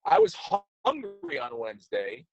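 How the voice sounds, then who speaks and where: A man's voice: mid-range voice, wildly swooping pitch, normal speed, dull audio. A man, a podcast host, chatting casually and rambling on a video call from a car, with many restarts. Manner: rambling, joking, restarts often.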